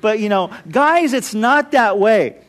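A man's voice: sits high, lively intonation, takes it slowly, fairly bright tone. A man preaching an earnest, impassioned sermon, building through repeated phrases. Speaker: pastor.

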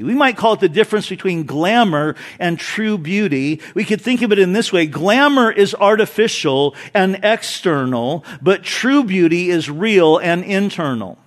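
A male pastor delivers a sermon to his congregation in a fairly high voice. His pitch swings widely as he stresses points and drops into quiet asides. He tosses in light jokes between points. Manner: animated, emphatic, jokes with the congregation. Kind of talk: expository sermon.

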